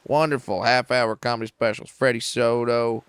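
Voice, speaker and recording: A man in his forties tells stories with a very smooth, resonant voice, cracking profane, self-mocking jokes as a podcast guest. The sound is dry and close in a small studio. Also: mid-range voice, little pitch movement, normal speed, a bit bright, no echo. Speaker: comedian guest. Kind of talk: casual podcast storytelling.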